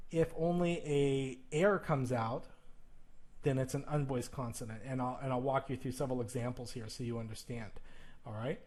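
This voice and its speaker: A man's voice: medium pitch, a little mellow. Man teaching grammar, checking in with "okay?". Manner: explanatory, talks to the viewer, checks with frequent "okay?"; exaggerates the sounds he demonstrates. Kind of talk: grammar video lesson. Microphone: recording while flipping through a textbook.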